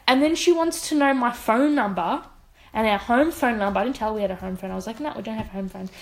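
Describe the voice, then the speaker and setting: Talking fast at a fairly high pitch, this Australian podcast co-host is a woman in her twenties. In the casual chat, her stories come alive as she performs each quoted voice with real energy.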